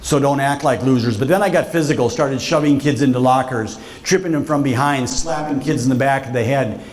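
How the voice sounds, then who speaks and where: A man's voice: mid-range voice, fairly quick. A man, a visiting author, telling stories to students in a school auditorium in a theatrical way and addressing them directly. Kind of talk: storytelling talk to a school assembly.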